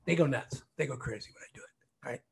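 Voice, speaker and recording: An older man, a retired cop and umpire, co-hosting a podcast and telling profane, animated stories in casual chat. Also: medium pitch, fast. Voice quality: gravelly. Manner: profane, animated storyteller acting out quotes.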